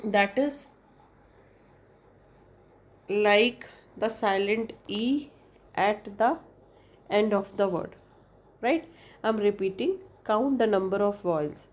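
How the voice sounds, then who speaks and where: A woman teaches an English lesson at an unhurried pace. She repeats each point and spells out the vowels one by one. She checks in with the listener between steps. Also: medium pitch. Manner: frequent "right?" checks with the listener. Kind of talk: explanatory lesson.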